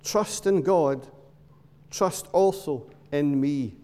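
A man preaching a sermon in a church, telling stories in short emphatic phrases with dramatic pauses. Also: on the high side, warm tone. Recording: long reverb of a large hall.

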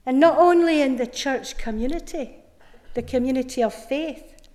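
A middle-aged woman preacher giving an Easter sermon, telling her story earnestly with soft, emphatic repetitions. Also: sits high, moderate pace, big-room sound. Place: church.

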